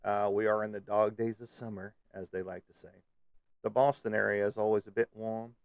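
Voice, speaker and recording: Host type: male, low and gravelly, loose joking ramble, dry close mic. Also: flat delivery, a little fast, a little mellow, dry recording. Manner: rambling, joking, lots of fillers. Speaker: live stream host. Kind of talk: casual live chat with viewers. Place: Kansas City area.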